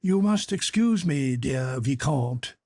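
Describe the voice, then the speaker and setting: A man's voice: mid-range voice, lively intonation, slow pace, darkish tone, dry recording, studio quality, pitched above the performer's own voice. A man narrating an audiobook voices a courtly prince who speaks politely and apologetically. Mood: apologetic.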